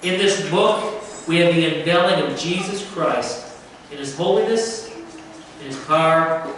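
A man delivers a sermon at an unhurried, deliberate pace, leaning on key words and sinking into hushed passages. His voice sits a little high for a man. The sound is very reverberant and distant, with faint noise behind it. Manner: slow, emphatic preaching with dramatic drops to a hush. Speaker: pastor. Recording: echoey room, from far off, faint noise.

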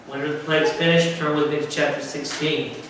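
A man preaching a sermon as pastor, slow and emphatic, dropping at times to a hush. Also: on the high side, little pitch movement. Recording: echoey room, from far off, faint noise.

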